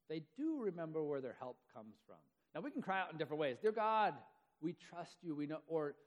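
A man's voice: fairly high pitch, a little mellow. A man preaching a sermon in a conversational way, acting out the quoted voices as he goes. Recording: long hall reverb.

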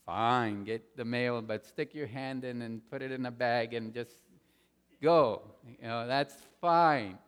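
Emphatic pastor preaching in a reverberant hall. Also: male voice, medium pitch, slow, smooth. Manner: emphatic, swings between loud stresses and quiet asides. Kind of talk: sermon. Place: church sanctuary. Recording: long reverb of a large hall.

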